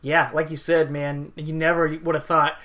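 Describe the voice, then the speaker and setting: A man's voice: on the high side, little pitch movement, moderate pace, bright, forceful tone. A man co-hosting a podcast, chatting in a laid-back, agreeable way. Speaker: podcast co-host. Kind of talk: casual podcast chat.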